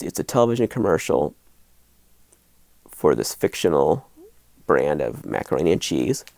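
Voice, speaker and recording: A middle-aged man hosting a horror video, talking casually to camera in a rambling, animated way with lots of restarts. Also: very deep voice, creaky, no room sound.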